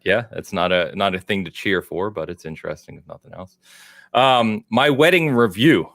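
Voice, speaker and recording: Deep-voiced man hosting a chatty podcast. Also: animated, moderate pace, vocal fry, a bit bright, no echo, studio quality. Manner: loose, rambling, with many fillers. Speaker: podcast host. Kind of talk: casual chat.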